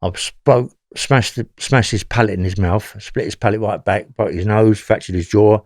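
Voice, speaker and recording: A man's voice: on the low side, moderate pace, a little mellow, dry recording, clean studio sound. A man with a London accent telling his story as an interview guest, rambling and often checking in with "yeah?".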